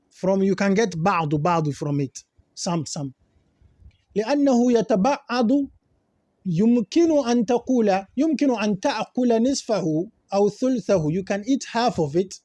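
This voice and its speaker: Man teaching a grammar lesson, high-pitched voice, dry sound, slow repeated examples. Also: warm tone, no echo. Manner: explains Arabic terms in English, repeats examples slowly. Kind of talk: classroom lesson.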